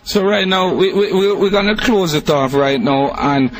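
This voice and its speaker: A man's voice: sits high, recorded from a distance, poor audio. A man hosting a casual radio interview, stumbling and repeating words as he asks questions. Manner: halting, repeats words, laughs often. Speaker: radio host.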